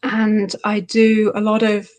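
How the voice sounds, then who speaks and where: A woman's voice: mid-range voice, monotone, slow, darkish tone. A woman author answering questions in a livestream interview, thoughtful and rambling with fillers. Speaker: author guest.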